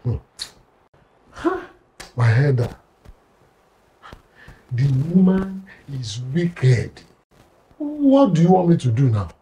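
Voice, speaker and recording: Brief: a suspicious Nigerian kinsman, dark-toned, slow, insistent and accusing. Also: medium pitch, very animated. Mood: deferential. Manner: insistent, rising in outrage.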